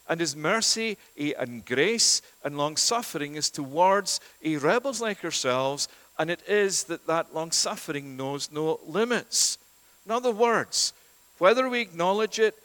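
A man delivers an earnest, emphatic sermon, pressing his listeners with rhetorical questions. His voice sits a little high for a man. The long reverb of a church trails behind each phrase. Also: fairly bright tone. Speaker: preacher.

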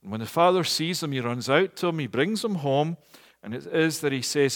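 A man from Scotland, preaching a storytelling sermon, animated and rising to loud emphatic peaks. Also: on the high side, fairly quick. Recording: long hall reverb.

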